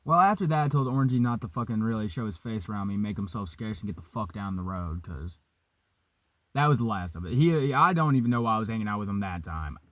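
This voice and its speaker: A young man casually telling a story, profane and animated, vaping as he talks. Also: on the low side, fast talker, no echo. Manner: vaping while talking.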